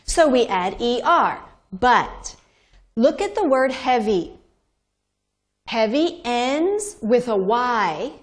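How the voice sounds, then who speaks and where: A woman teaching grammar to learners, explaining slowly and deliberately, spelling out letters and repeating words. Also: on the high side. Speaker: English teacher. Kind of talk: slow, deliberate classroom explanation.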